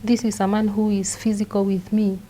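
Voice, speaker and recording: A young woman with a Kenyan accent speaks at a middling pitch. She gives a personal testimony as an interview guest, halting and restarting, repeating words as she lays out events one by one. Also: flat delivery, dark tone, rough recording.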